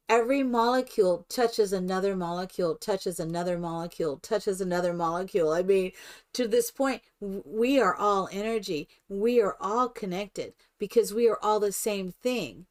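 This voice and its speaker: An older woman streaming herself playing a game, chatting in a rambling, animated storytelling way. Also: mid-range voice, a little slow. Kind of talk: casual chat while playing a life-simulation game.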